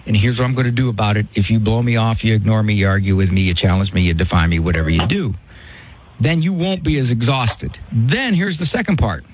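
A man's voice: on the low side, fairly quick, slight background noise. A man hosting a call-in radio advice show, blunt and direct with his caller. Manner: blunt, lively, mimics voices in quotes. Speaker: radio call-in host, psychologist.

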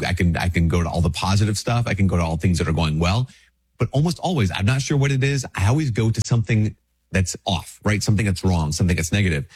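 A priest gives a relaxed spiritual talk with a husky, slightly low voice. He is a little sick with a stuffy nose, and he speaks conversationally, trips over his words and restarts his sentences. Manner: conversational, with frequent restarts and fillers. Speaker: Catholic priest. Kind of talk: casual spiritual talk to camera.

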